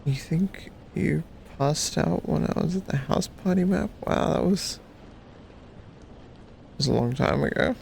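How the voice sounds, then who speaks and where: A freshly woken man streams to his chat in a heavily gravelly, creaky morning voice, with his nose blocked. He talks slowly and drowsily, in a fairly high register. Now and then he breaks into giggles and squeaky cheers. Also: darkish tone, a little hiss or hum. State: groggy morning voice. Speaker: livestreamer.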